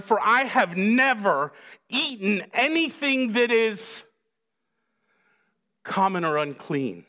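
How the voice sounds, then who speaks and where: A man's voice: high-pitched, fairly bright tone. A male pastor preaching a sermon in a conversational, joking way, acting out the quoted lines.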